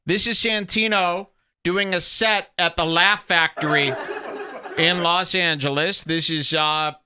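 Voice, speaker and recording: A man's voice: high voice, bright, forceful tone, clear, resonant tone. A man hosting a podcast, giving heated, sarcastic commentary over clips and arguing his point indignantly. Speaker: podcast host.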